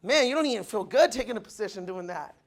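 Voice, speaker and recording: A man giving a loud, punchy motivational speech to new recruits, asking the crowd if they follow him, with the audience answering back. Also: high voice, animated, fast. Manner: acts out quoted people in changed voices. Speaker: motivational speaker at recruit orientation. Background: audience responding.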